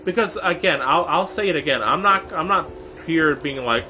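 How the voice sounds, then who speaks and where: A man's voice: fairly high pitch, lively intonation, brisk, bright, forceful tone, slight background noise. A young man streaming live, chatting casually and rambling in an exasperated way, full of fillers and restarts, sometimes mock-angry at a viewer.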